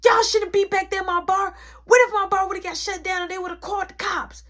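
A strict, short-tempered mother snaps out rapid, clipped threats, as a woman acts her out in a told story. The voice sits fairly high and swings widely in pitch. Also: expressive, a bit bright, breathy edge. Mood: furious scolding.

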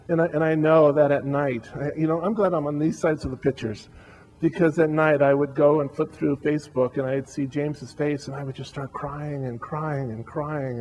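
A man speaking as a pastor at a memorial service, giving a heartfelt eulogy with frequent halting restarts. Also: on the high side, darkish tone, rough recording.

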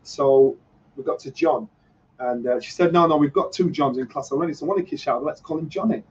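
Yorkshire guy telling a lively story, kinda high voice, muffled lo-fi stream. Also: brisk, slight background noise. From Yorkshire, England. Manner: animated storyteller, acts out voices in anecdotes. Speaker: guest, former boxer. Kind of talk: casual storytelling chat.

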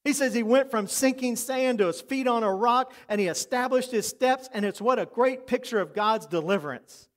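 Проповедник с высоким голосом, мужчина. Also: male voice, very high voice, normal speed, hardly any pauses. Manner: earnest, preacherly, drops to soft intimate tones for emphasis. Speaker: pastor. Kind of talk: sermon.

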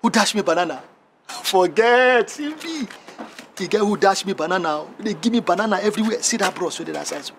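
A man's voice: high voice, expressive, brisk, fairly bright tone, slight background noise. A boastful Nigerian gateman. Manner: boastful and cheeky in pidgin English. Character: cheeky young male gateman, boastful braggart. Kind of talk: Nollywood film acting.

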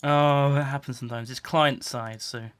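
A man co-playing a game, easygoing and giving short, relaxed replies. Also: medium pitch, moderate pace, no room sound. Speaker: co-player. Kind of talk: casual gameplay chat.

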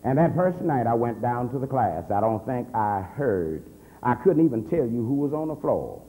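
A man, an assistant pastor, telling his conversion story as a convention sermon, swinging from a low murmur to heated near-shouts. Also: big pitch swings, moderate pace. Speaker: minister giving testimony. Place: large convention hall. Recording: reverberant hall with faint hum.

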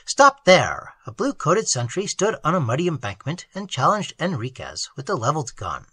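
A man reads a story aloud with animated expression, his pitch rising and falling widely. His voice is husky. The recording is dry and close. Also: brisk, dry recording. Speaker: audiobook narrator. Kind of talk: scripted narration of a story.

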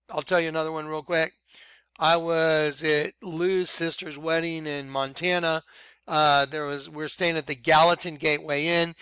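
A man telling a personal story to his viewers, animated, acting out quotes and rambling with restarts. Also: fairly high pitch, smooth, dry recording. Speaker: vlogger.

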